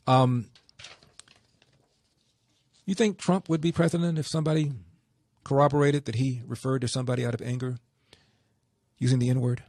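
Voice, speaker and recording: A man's voice: medium pitch, steady tone, moderate pace, long pauses, darkish tone, dry recording. A man hosting a talk radio show, reading quotes aloud with a sarcastic edge and taking calls.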